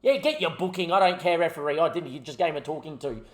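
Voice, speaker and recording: A young man giving animated live commentary on a football management game as a gaming YouTuber, talking at the players on screen. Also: fairly high pitch, fast, noisy background.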